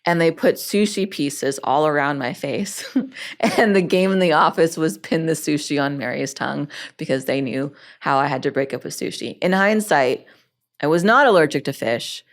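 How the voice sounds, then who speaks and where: A woman hosting her own show, telling a personal story in a lively way with laughs and quoted dialogue. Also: low voice, normal speed. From Egyptian family background. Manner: lively, animated retelling with laughs and acted-out quotes.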